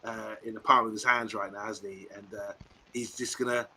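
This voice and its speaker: Bright-voiced co-host. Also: male voice, fairly low pitch, brisk, a little hiss or hum, low-quality recording. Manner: animated, laughing, tag questions. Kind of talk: casual live stream chat.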